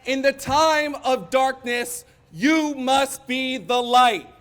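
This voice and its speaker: A young man with a very high voice delivers a declamatory rally speech at an outdoor park gathering. He speaks slowly and deliberately, rising to shouted lines.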